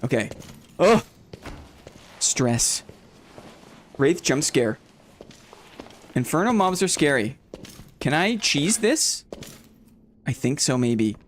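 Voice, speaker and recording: A man streaming a game live, chatting with his viewers, thinking out loud, repeating short phrases and getting jumpy and excitable during fights. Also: on the high side, takes it slowly, pauses often, slight background noise. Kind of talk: live gameplay commentary.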